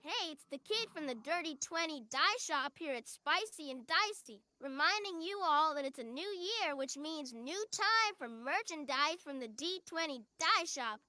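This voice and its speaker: A man's voice: very high-pitched, lively intonation, moderate pace, few pauses, sharp tone, dry recording, voice pushed up, heavily acted. A man voicing a young shop kid in a merchandise ad, pushing listeners to buy. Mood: pushy. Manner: pushy salesman.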